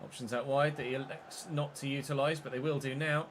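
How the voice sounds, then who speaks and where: A man's voice: mid-range voice, fairly even intonation, a little fast, slight background noise. A man giving live, mock match commentary while playing a football game, swearing when frustrated.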